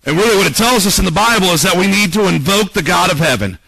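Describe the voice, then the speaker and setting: A man's voice: sits high, expressive, fast, vocal fry, bright, forceful tone, husky, no room sound, rough recording. A man preaching a sermon as pastor, dramatically acting out quoted prayers and voices. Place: church.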